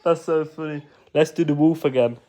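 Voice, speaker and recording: A man's voice: on the high side, fairly even intonation, moderate pace, mellow, a little hiss or hum. A man playing with his young child, teasing in a sing-song way and often laughing. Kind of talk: playful talk with a toddler.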